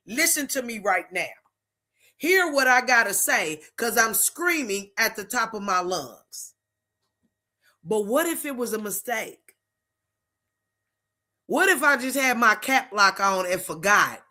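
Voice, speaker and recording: A woman's voice: medium pitch, big pitch swings, measured pace, long pauses, pushed and bright. A middle-aged woman hosting a faith-based talk show, talking in an emphatic, preachy, conversational way. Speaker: host.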